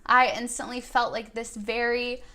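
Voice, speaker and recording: A young woman vlogger telling a personal story in an earnest, thoughtful way. Her voice sits a little high and sounds bright and clear. She quotes her own words as she goes. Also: flat delivery, moderate pace. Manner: earnest and thoughtful, quoting herself in dialogue. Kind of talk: reflective first-person storytelling.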